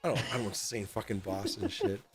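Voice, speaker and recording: A young adult man hosting a casual livestream from home, tipsy, rambling and halting with lots of fillers and swearing. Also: lowish voice, animated, music in the background. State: tipsy from drinking. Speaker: host. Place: at home in an apartment.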